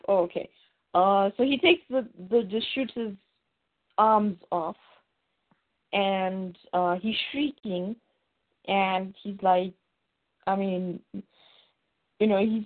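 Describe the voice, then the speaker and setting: Woman recapping a show over a tinny line. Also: medium pitch. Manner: rambling, full of fillers and restarts. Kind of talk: casual recap of a TV episode. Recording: tinny phone-like sound.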